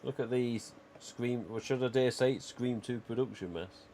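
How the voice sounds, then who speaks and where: An English man hosts a livestream, chatting casually and rambling with plenty of "you know" asides. His voice is medium in pitch and mellow, his pace measured, with a little background noise.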